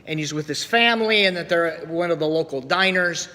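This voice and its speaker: A man preaching a sermon as pastor, telling stories with voiced quotes and slow pauses. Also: on the high side, bright, forceful tone. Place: church sanctuary. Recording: long church reverb.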